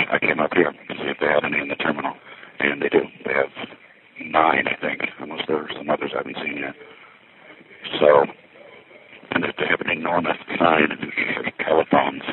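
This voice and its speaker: Deep, flat New guy, wry and rambling, a bit out of breath; thin phone-like sound with faint noise. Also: vocal fry. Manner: wry, chatty, thinking aloud. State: a little winded. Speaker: payphone vlogger. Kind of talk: rambling first-person walkthrough. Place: ferry terminal, indoors, busy. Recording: tinny lo-fi with faint background noise.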